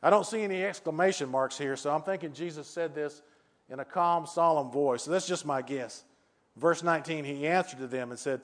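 Delivering a brisk, earnest sermon, an older preacher with a slightly high voice for a man circles back to his key phrases. Rhetorical questions drive every point home.

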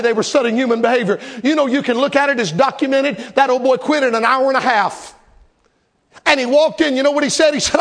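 A Baptist preacher delivers a revival sermon in a strikingly high, gravelly voice. He is emphatic and dramatic and hammers home his points by repeating them. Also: fast, fairly bright tone.

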